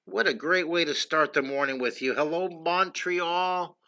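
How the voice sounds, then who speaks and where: Older man, drawing teacher, livestream, chatty, very bright voice, slightly high pitch. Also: measured pace. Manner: chatty and enthusiastic, greets viewers by name. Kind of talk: casual livestream drawing lesson. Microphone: computer streaming setup.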